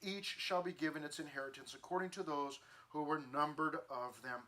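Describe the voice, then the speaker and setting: Man, youth bible teacher, high voice, bright tone, chatty with lots of restarts. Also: fairly even intonation, fairly quick, hardly any pauses. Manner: conversational, many fillers and restarts, acts out social media voices.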